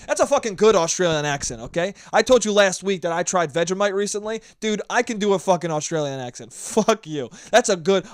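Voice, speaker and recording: A man's voice: high-pitched, expressive, brisk, hardly any pauses, no echo, clean studio sound. A man hosting a solo podcast, rambling and profane in a casual, self-mocking monologue. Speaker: podcast host.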